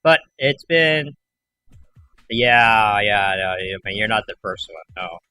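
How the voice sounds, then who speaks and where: Bright-voiced young man chatting on stream. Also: on the low side, expressive, takes it slowly, clean tone, no echo. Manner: rambling, acts out callers in quoted voices. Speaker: livestream host. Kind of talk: casual chat to a stream audience.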